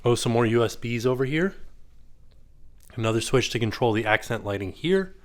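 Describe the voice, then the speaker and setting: A man's voice: mid-range voice, expressive, normal speed. A man in his thirties narrating a casual walk-through of a hotel room as a vlogger. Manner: chatty, points things out as he walks.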